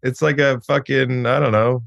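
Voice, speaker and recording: A man's voice: mid-range voice, flat delivery, moderate pace, gravelly, fairly bright tone, no echo, clean studio sound. Laid-back man who keeps saying "dude". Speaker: podcast guest, former football player. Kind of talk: casual chat.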